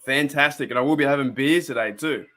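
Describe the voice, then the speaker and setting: Talking fast in a mid-range, fairly bright voice, a young Australian man runs a casual fan live stream. He rambles and chats with his viewers, comments on a game, laughs a lot, and says hi to viewers by name.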